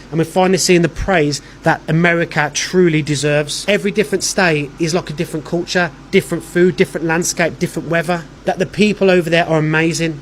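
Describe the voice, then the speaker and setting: A man giving an earnest, declamatory address to camera. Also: fairly high pitch. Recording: faint background noise.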